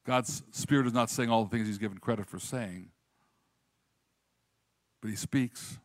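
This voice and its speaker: A pastor preaching to a congregation, telling a story with lively quoted voices and then speaking more quietly and earnestly. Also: male voice, on the low side, measured pace, dry recording. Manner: animated storytelling, raises voice for quoted prayers. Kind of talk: sermon with storytelling.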